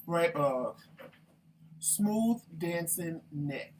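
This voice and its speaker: A man hosting a casual home talk show, chatty and animated and quick to laugh. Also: a little high, a little hiss or hum. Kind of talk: casual chat.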